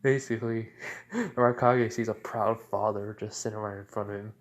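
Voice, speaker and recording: A man's voice: fairly low pitch, little pitch movement, moderate pace. A young man casually retelling a fan-made story, rambling with many fillers and restarts.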